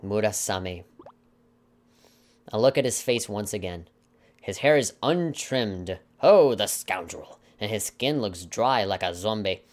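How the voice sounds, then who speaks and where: Playing through a video game, this let's play commentator reads the story text out loud and pokes fun at it. His voice sits on the low side, expressive and measured in pace, and his jabs come across as sarcastic and mock-dramatic, with little chuckles along the way.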